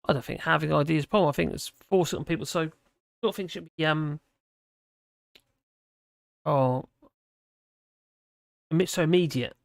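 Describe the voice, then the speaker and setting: A man's voice: on the high side, moderate pace, vocal fry, pauses often, no echo, studio quality. A tired man hosting a livestream, rambling casually through viewer chat and slurring his words a little. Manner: rambling, with frequent restarts and fillers.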